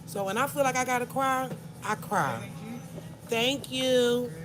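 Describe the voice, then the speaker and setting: A middle-aged woman livestreams from a corner store, opening up emotionally and talking with her chat as well as the staff. She speaks unhurriedly and expressively in a higher voice, with music playing behind her and the store's noise and traffic audible.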